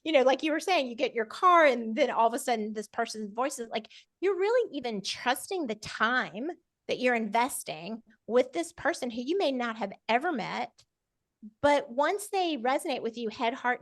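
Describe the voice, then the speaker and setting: Emphatic woman, bright and close. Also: on the high side, normal speed, no room sound. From Georgia, US. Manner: energetic, emphatic, persuasive. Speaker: podcast guest, media consultant. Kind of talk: casual interview chat.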